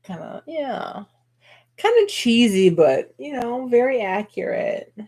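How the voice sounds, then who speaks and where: A woman's voice: a little high, very animated, takes it slowly, darkish tone. A woman co-hosting a casual live radio-style stream, bantering and laughing often. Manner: giggly, playful banter. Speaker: co-host.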